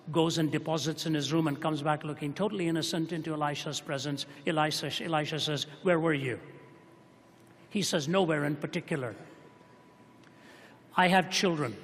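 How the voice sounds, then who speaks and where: A man preaching a sermon to a hall audience, telling stories with dramatic rises and hushed drops. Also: on the high side, slight background noise. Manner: dramatic storytelling, voice rising and dropping to a hush. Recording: long hall reverb.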